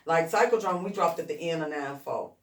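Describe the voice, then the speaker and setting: A woman's voice: low-pitched, a little fast. Blunt woman rapper in a roomy room. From west side of Chicago. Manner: blunt, profane, animated storytelling. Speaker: rapper being interviewed. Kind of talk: casual storytelling interview. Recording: roomy echo, distant mic.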